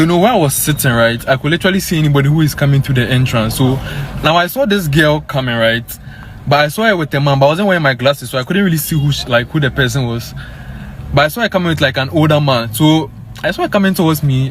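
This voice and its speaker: A young man vlogging a personal story in a casual, animated way and addressing viewers as "guys." His voice sits a bit high. A faint hum of noise runs behind him. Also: fast. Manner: animated, lots of fillers like "guys" and "bro".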